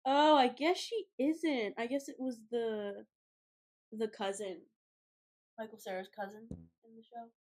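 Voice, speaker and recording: A woman co-host in casual podcast chat, with a slightly higher voice, who reacts quickly and exclaims often. She sounds close and dry through an inexpensive desk mic, with no room echo. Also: darkish tone. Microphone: cheap desk mic.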